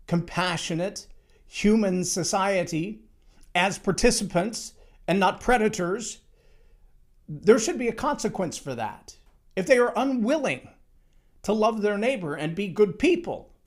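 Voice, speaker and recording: A man giving a motivational talk on leadership, emphatic and storytelling, acting out the quotes he tells. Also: high-pitched. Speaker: speaker on leadership.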